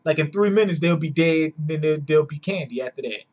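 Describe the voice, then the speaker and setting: High-voiced cursing manga reviewer man. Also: fairly quick, darkish tone. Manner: profane, laid-back slang. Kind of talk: casual chapter review. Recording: lo-fi dull sound.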